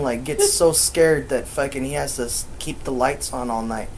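Swearing rambling guy telling a ghost story on a chill podcast, middle pitch, light background hiss. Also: normal speed, hardly any pauses, rough recording. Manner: profane, rambling, acts out quotes loudly. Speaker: podcast co-host. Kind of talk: casual storytelling chat.

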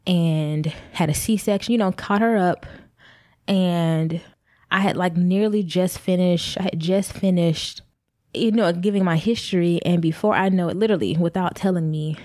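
A young woman who is pregnant recounts her own story to her viewers with a somewhat low voice. She rambles candidly and speaks to them directly. The sound is dry, with no room echo. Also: darkish tone. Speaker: vlogger. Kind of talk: personal storytelling to camera.

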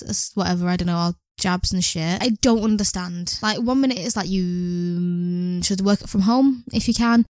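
A woman's voice: mid-range voice, darkish tone, dry recording. A young British woman with an English accent hosting a solo podcast, rambling from topic to topic and swearing freely. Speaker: podcast host.

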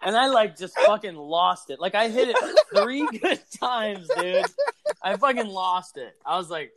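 A young man co-hosting a podcast, telling a story in casual chat, animated and profane, acting out his own anger. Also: sits high, unhurried, very noisy. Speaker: podcast co-host.

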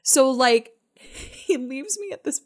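A young woman co-hosting a chat podcast, telling a personal story in an animated way and acting out what people said. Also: sits high, takes it slowly. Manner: animated, acts out quoted voices. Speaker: podcast co-host.

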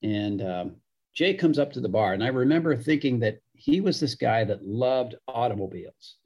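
A man's voice: medium pitch, animated, moderate pace, darkish tone, slightly rough, lo-fi sound. A man telling a casual anecdote, chatty, repeating words as he goes and acting out the quotes. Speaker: guest storyteller.

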